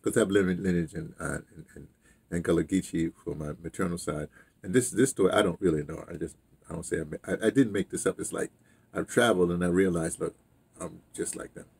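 A man's voice: deep voice, brisk, creaky, darkish tone, breathy edge. A man casually telling a rambling story, drifting off on side tracks. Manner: loose, digressive, heavy on fillers and restarts.

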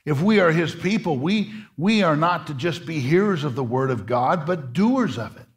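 In a church sanctuary, a male pastor preaches earnestly with lively intonation at a normal speed. He repeats his words, and his pitch rises when he's stirred as he presses his points.

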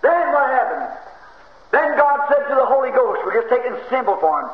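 A man preaching a fervent sermon, swinging from shouted exclamations to low, folksy storytelling. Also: very animated, normal speed. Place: church. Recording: roomy, dull 1950s church tape with faint hiss.

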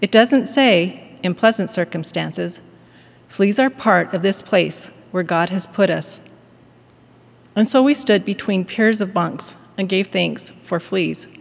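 A woman giving a prepared devotional address in a measured, earnest manner and reading a story aloud. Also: mid-range voice, vocal fry, long reverb tail. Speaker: devotional speaker at a university.

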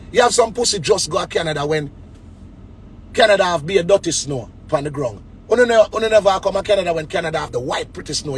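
A man's voice: sits high, a little hiss or hum. A man with a Jamaican accent in a casual comic rant, mocking people and dropping into sneering quoted voices. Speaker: DJ ranting on a web show.

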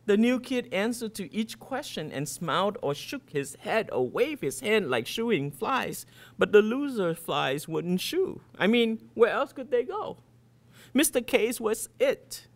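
A man's voice: high-pitched, big pitch swings, a little slow. A man in his fifties, an author from Vietnam, reading his short fiction aloud in a first-person boy's storytelling voice.

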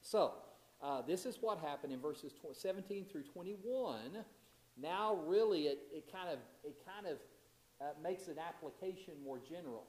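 A man with a somewhat high voice teaches a Bible lesson in a church room that has a clear echo. He reads scripture aloud and then explains it in his own words, often restarting a phrase as he goes. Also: expressive, normal speed, darkish tone. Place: church classroom.

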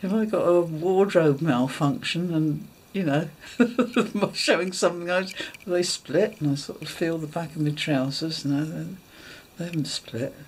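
A woman with a husky, breathy voice tells a funny story from her own life. She chats along casually, breaking into laughter and voicing her own surprised thoughts as she goes. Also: low voice, unhurried. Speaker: dog agility vlogger. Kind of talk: casual anecdote.

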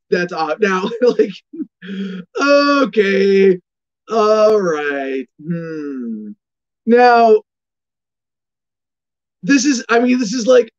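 Sarcastic ranting man, high voice. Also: lo-fi sound. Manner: sarcastic, animated ranting with many restarts. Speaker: host. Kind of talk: opinion commentary show.

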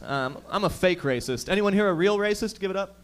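A man's voice: high voice, expressive. A young man from the Toronto area hosting a stand-up set, firing off profane jokes at the crowd. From Toronto area, Canada. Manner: profane, rapid-fire joking to the crowd. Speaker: stand-up comedian and host. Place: comedy lounge stage.

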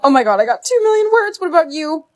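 A woman's voice: mid-range voice, lively intonation, slow pace, soft background music. A woman acting in comedy skits with a sarcastic, drawling delivery.

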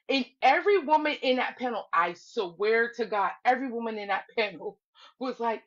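A woman casually recounting a livestream drama, acting out everyone's lines with big jumps in her voice and frequent laughter. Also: normal speed. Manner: animated, acts out quotes with big pitch jumps and laughter. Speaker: live stream commentator. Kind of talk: casual storytelling recap. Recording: slightly dull lo-fi audio.

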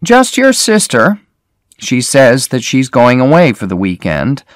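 A man voicing a friendly young female secretary, lifting his voice high to reassure a coworker. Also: wildly swooping pitch, unhurried, no echo, studio quality. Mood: reassuring. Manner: bright, much higher, reassuring.

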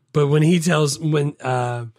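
A podcast co-host chats casually about movies in a slightly high, a little mellow voice, recorded with clean studio sound and no echo. He animatedly acts out lines from a film in raised voices.

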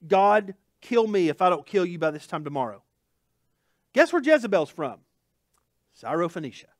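A male pastor giving a conversational sermon, animated and full of asides and jokes. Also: high-pitched, dry recording, clean studio sound. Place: church.

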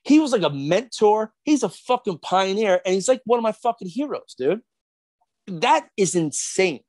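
A middle-aged man ranting on a podcast, worked up and profane, his pitch swinging widely and sitting a bit high for a man. He talks into a close studio mic in a dry, dead room, packing in fillers and restarts. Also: big pitch swings, normal speed, darkish tone, dry recording. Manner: profane, fired up, repetitive fillers. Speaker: podcast guest, skateboarder. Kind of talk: heated podcast rant.

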